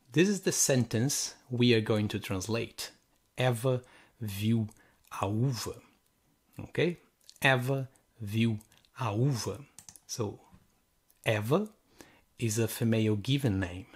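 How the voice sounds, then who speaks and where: Slow, husky-voiced male lecturer. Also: lowish voice. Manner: slow and halting, many fillers and restarts. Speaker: university language lecturer. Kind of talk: recorded sample lecture.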